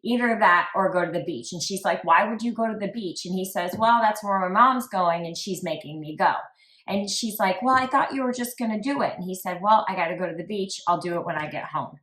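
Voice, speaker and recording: A woman with a fairly low voice talks briskly and casually as a true crime podcast host. She reads text messages out loud in a flat manner, frequently interjecting "like," while a roomy echo hangs over the recording.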